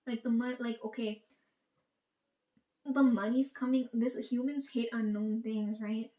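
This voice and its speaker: A woman talks straight to the camera in a loose, profane rant, quoting herself and others as she goes. Her voice sits a little high, and the room around her rings with echo. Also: fairly even intonation, measured pace, warm tone. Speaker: vlogger. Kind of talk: casual monologue. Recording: echoey room.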